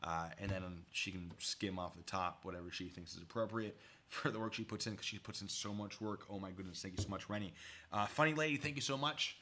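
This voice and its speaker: A man's voice: fairly low pitch, a little fast, sharp tone, a little hiss or hum. A man giving casual live-stream commentary at a desk mic, rambling and chatty with asides to his viewers. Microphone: desk mic pulled close.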